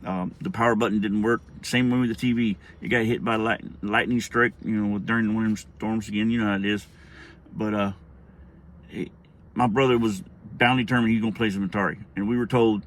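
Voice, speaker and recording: A man's voice: lowish voice, fairly even intonation, a little fast. Middle-aged man, casual storytelling, rambling, profane, many restarts.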